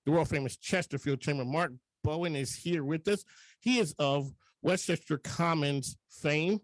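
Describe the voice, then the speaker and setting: A man's voice: a little high, moderate pace, no echo. A male radio host talking in a joking, rambling, chatty way in a studio. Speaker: radio talk show host. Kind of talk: casual radio talk.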